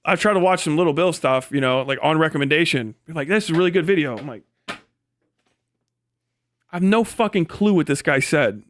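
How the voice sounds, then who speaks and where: A man's voice: fairly high pitch, lively intonation, moderate pace, long pauses, fairly bright tone, no echo. A man talking casually on a livestream, rambling and swearing, often laughing and trailing off. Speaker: live streamer.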